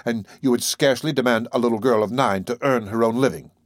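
Man voicing a gentle refined lady poet. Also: medium pitch, fast, dry recording, lightly acted. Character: refined young woman poet, composed and gracious.

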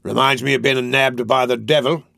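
A man reading an audiobook, voicing a gruff, bullying male robber who snaps out his lines. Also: mid-range voice, fairly even intonation, moderate pace, sharp tone, dry recording, studio quality. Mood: contemptuous. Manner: gruff, snapping.

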